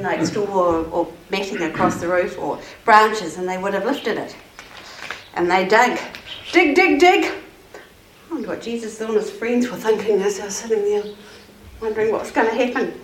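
A woman telling a story to children at church, expressive and asking them questions as she goes. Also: mid-range voice, moderate pace. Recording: roomy, distant mic, faint noise.

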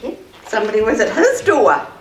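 A woman telling a story to children at church, expressive and asking them questions as she goes. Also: fairly high pitch, fairly quick. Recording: roomy, distant mic, faint noise.

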